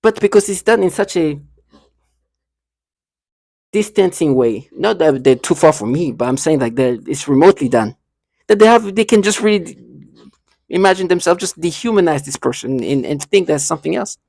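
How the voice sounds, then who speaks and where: A man talking to camera in a rambling, halting monologue, restarting and repeating himself often. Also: a little high, animated, gravelly, darkish tone, no room sound, clean studio sound. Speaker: vlogger.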